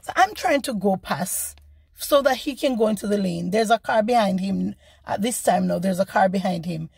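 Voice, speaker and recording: A woman, a vlogger, retelling a story in an animated, indignant way. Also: mid-range voice, normal speed, gravelly, husky, no room sound. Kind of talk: storytelling to camera.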